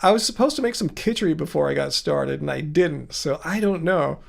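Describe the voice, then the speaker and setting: A man with a high voice chats his way through a livestream, reading out viewer comments and answering them as they come. His talk rambles and doubles back, full of fillers and restarts. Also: animated, moderate pace, gravelly. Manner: chatty, reads viewer comments aloud and replies. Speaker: livestream host answering chat. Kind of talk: casual livestream chat.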